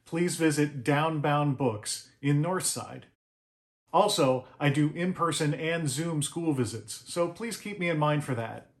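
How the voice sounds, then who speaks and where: A man's voice: on the high side, no room sound. A middle-aged man, an author and illustrator, leading a step-by-step drawing tutorial. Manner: step-by-step instructive.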